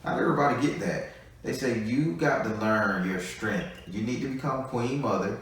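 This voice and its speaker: This tarot reader speaks in a mid-range, fairly bright voice at a moderate pace, doing a live reading in a blunt, chatty manner full of profanity. He's heard from a distance in an echoey room.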